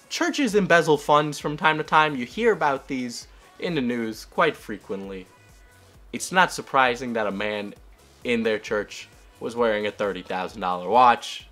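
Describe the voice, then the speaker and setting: A man's voice: fairly high pitch, animated, unhurried, fairly bright tone, faint music behind. A man giving rambling, sarcastic comedic commentary, with self-deprecating asides. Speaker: YouTube commentator.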